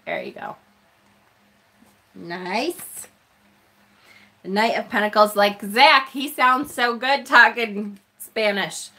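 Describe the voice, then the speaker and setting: A woman's voice: medium pitch, takes it slowly, long pauses, sharp tone. A woman hosting a casual live stream, chatting with viewers as she unboxes a tarot deck, self-deprecating and laughing often.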